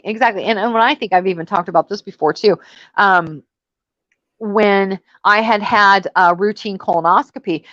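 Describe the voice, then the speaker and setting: A chatty woman hosts a casual online talk and tells stories with exasperated emphasis. Her voice sits at a middle pitch and sounds slightly muffled and lo-fi. The room is dry, with no echo. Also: a bit bright. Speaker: host. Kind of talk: casual panel chat.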